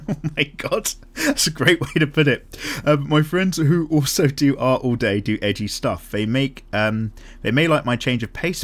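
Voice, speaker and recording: A man hosts a casual art chat, reading viewer comments aloud in a rambling, self-deprecating way with frequent ums. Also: medium pitch. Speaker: art channel host.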